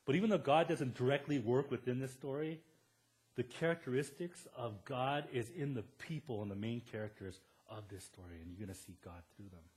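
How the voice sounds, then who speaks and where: A man preaching a sermon as a pastor in a church. He retells a Bible story in a lively way and acts out the characters' words in a raised voice. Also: mid-range voice, brisk. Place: church sanctuary.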